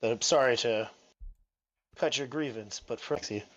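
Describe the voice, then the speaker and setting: A man speaking in character as a tabletop player, hesitant and soft-spoken with many fillers. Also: mid-range voice, measured pace, dull audio. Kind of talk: casual in-character speech at a game table.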